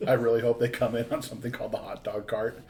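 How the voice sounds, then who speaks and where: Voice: medium pitch, flat delivery, fast talker, a little mellow, a little hiss or hum. A player in a tabletop game, joking around in casual banter. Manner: playful, jokey.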